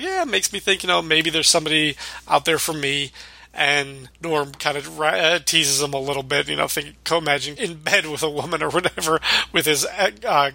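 A man co-hosting a casual podcast chat, retelling sitcom scenes with quick quoted lines and frequent laughter. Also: on the high side, vocal fry, sharp tone, no echo. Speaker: podcast co-host.

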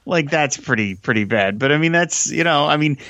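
A man's voice: on the high side, a little fast, no room sound. A man guesting on a podcast in casual chat, restarting phrases and acting out lines he quotes. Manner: thoughtful, stammering restarts, lively quoting.

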